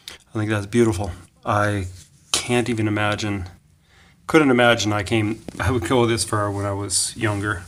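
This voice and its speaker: A man in his forties from Canada tells a rambling motivational story in a casual vlog. His voice sits a little low. He often corrects himself and slips into the voices of the people he quotes. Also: fairly bright tone, slight background noise. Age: 40s. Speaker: vlogger.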